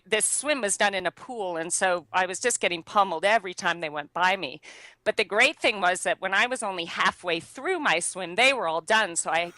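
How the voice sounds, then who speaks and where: A woman recounting a personal story with bright, forward energy. Her voice is crisp and close, with a dry, unreverberant sound. She chats freely, full of fillers and quick laughs. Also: medium pitch, dry recording, rough recording. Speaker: interview guest. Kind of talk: casual storytelling.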